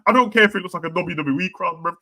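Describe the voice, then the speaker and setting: Fast-talking animated man. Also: high-pitched. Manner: animated, slangy, swings between loud outbursts and mumbled asides. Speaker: football podcast host. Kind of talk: casual football chat.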